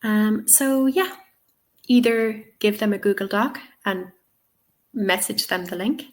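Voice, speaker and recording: A woman's voice: mid-range voice, takes it slowly. A woman teacher answering questions in a live webinar, chatty and encouraging, with many ums and okays, on a webcam. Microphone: webcam on video call.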